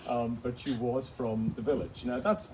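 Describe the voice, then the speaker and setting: A man's voice: mid-range voice, fairly even intonation, normal speed, a loud crowd. A man from the Scottish Hebrides with a Hebridean Scottish accent, a guest author telling chatty stories at a live book event, laughing often. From Outer Hebrides, Scotland. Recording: noisy live event recording.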